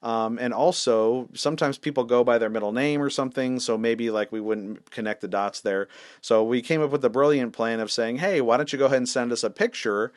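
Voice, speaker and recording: A man's voice: medium pitch, a little fast, no echo, clean studio sound. A man, a senior pastor, telling a story in a casual, wry, self-deprecating way with lots of fillers.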